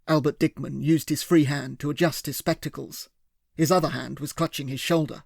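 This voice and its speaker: A man narrating a first-person thriller audiobook with steady, clear storytelling. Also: on the high side, brisk, dry recording, studio quality.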